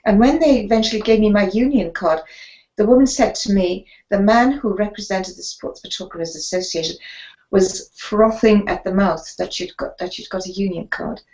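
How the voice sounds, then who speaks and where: An older woman, a sports photographer and guest on an interview show, telling her stories in an animated way and acting out the voices of the people she quotes. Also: mid-range voice, normal speed, highs cut off. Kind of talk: storytelling interview.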